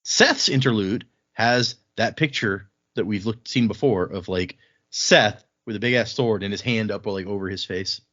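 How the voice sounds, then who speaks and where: A man co-hosting a casual book podcast, recapping the plot in a chatty way and acting out quick bits of dialogue. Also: on the low side, a bit bright, no echo, highs cut off. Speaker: podcast co-host.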